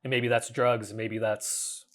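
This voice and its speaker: Earnest, halting man hosting a podcast. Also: mid-range voice, flat delivery. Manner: earnest, halting, many restarts, casual swearing. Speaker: podcast host. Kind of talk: reflective solo podcast monologue.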